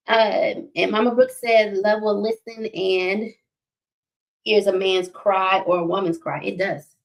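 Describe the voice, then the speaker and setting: A woman's voice: medium pitch, fairly even intonation, slow pace, vocal fry. A middle-aged woman hosting a relationship talk, preaching with faith references, repeating key points and asking "right?" often. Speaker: host of a relationship talk stream.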